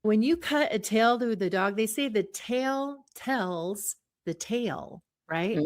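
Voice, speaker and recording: A middle-aged woman psychologist, a guest on an interview show, explaining ideas in a lively way and acting out small examples. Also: fairly high pitch, slow pace. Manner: animated, acts out little voices and examples.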